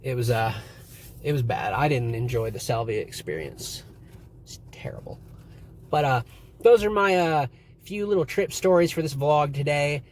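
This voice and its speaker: A man's voice: a little high, normal speed. A young man casually vlogging and telling stories in a rambling way, with lots of swearing. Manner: rambling, swearing, animated retelling. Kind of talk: casual storytelling to camera.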